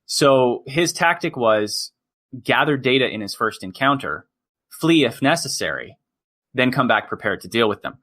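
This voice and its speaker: A man's voice: mid-range voice, animated, normal speed, sharp tone. A man co-hosting a podcast, talking in a chatty, explanatory way. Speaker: podcast co-host. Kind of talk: casual discussion.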